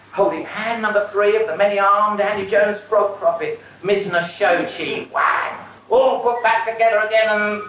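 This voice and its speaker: A man telling a wild, visionary story as a monologue, chanting refrains and bursting into shouts, on an archive stage recording. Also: sits high, far from the mic, a little hiss or hum. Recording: dull, roomy live recording from off-mic.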